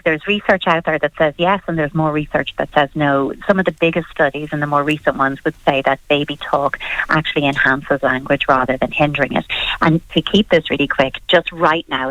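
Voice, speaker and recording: A woman speaking as a parenting expert on a radio talk show, explaining advice calmly and practically. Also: deep voice, fairly quick, no room sound. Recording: dull lo-fi radio sound.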